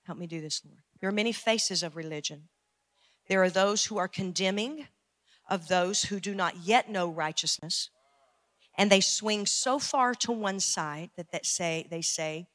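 A woman's voice: lowish voice, unhurried, a bit bright. A woman pastor preaching a fiery sermon, building in intensity and repeating phrases for emphasis. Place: church sanctuary.

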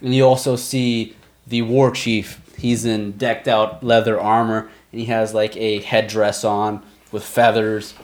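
A man narrating as game master of a tabletop role-playing game, with lively descriptions of the action. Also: lowish voice, unhurried. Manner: lively, slips into shouted character voices.

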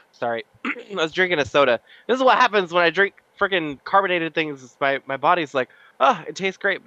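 A guest on a podcast rants with blunt, profane exasperation in casual chat. The voice sits a little high, and the recording is dry and slightly dull, lo-fi. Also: male voice, fairly bright tone, no room sound.

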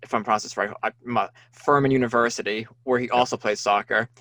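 Male co-host, 30s, mid-pitched, halting self-correcting chat, dry sound. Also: fairly even intonation, fairly bright tone, dry recording. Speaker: podcast co-host. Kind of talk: casual movie podcast chat.

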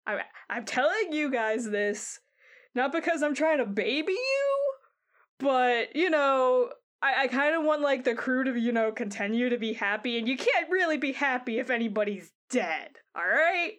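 Fretful crew boss lady, stumbles over her words, swears a lot, kinda high voice, woman gm playing her. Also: animated, moderate pace, a bit bright. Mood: exasperated. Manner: stammering, rambling, swears casually. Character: protective exasperated woman crew leader.

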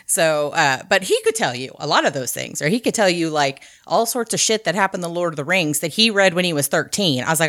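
A woman co-hosting a podcast in casual chat, talking in quick self-correcting bursts with asides. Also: lowish voice, expressive, fairly bright tone, no room sound, studio quality. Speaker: podcast co-host.

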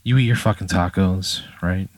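A man's voice: low-pitched, moderate pace, no room sound. A man spinning an improvised story in a loose, casual way, swearing and saying "like" and "you know" a lot. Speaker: podcast storyteller.

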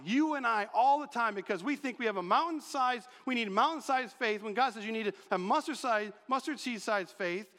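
Man, pastor giving a sermon, higher voice, long hall reverb, animated. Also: normal speed, few pauses. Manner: animated, acts out quotes with shifting voices.

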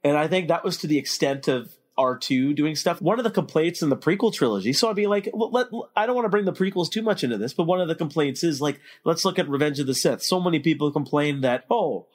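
A man's voice: on the high side, expressive, quick pace, few pauses. Opinionated man hosting a movie podcast. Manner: opinionated, leads the discussion with questions. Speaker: podcast host. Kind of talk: casual movie discussion.

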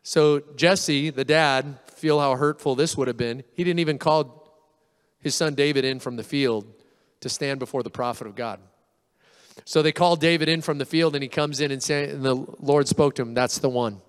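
A male pastor giving a sermon in a relaxed, storytelling way, acting out the voices of the people in his story. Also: medium pitch, normal speed, smooth, big-room sound. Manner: casual storytelling, acts out quoted voices.

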